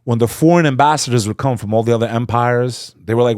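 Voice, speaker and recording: A man as a podcast guest, telling a story with fervor, swinging between loud emphasis and hushed asides. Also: mid-range voice, fast talker, dry recording, clean studio sound. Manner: acts out quoted speech. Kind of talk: impassioned storytelling in conversation.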